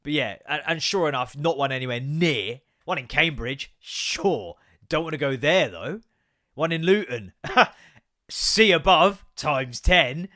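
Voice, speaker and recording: A man in his thirties hosting a solo comedy podcast, ranting with lots of swearing, innuendo and quick mock voices. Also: fairly high pitch, animated, bright, forceful tone. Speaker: podcast host.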